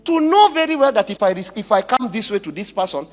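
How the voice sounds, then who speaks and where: A Kenyan man speaking in a high, lively voice that leaps up and drops low. He preaches his point through pointed rhetorical questions and breaks into Swahili phrases. His voice carries a long reverb, with faint music underneath. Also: fast. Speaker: preacher and commentator. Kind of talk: impassioned spoken commentary.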